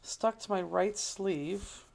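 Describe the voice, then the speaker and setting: Leading a live online crafting class, a woman chats casually, exclaiming and growing fretful while she searches for items, occasionally moving off-mic. She speaks slowly in a medium-pitched voice that's creaky and a little mellow.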